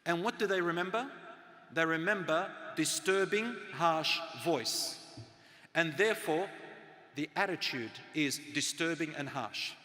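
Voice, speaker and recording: A man's voice: fairly high pitch, animated, unhurried, long pauses. Earnest man preaching in a reverberant hall. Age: middle-aged. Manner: earnest, preacherly, shifts between loud emphasis and soft hushed tones. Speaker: Islamic lecturer. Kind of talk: sermon.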